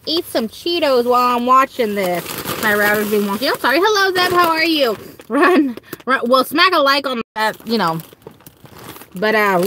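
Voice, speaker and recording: A young woman with a Southern US accent chatting casually to viewers on a livestream from home, giggling and breaking into high squealing quotes. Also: fairly bright tone, slight background noise. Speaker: livestream host.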